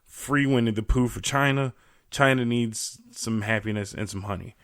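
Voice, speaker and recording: A man's voice: mid-range voice, moderate pace. A young adult man hosting a solo podcast, ranting casually and swearing freely. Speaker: podcast host. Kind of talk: solo comedic rant.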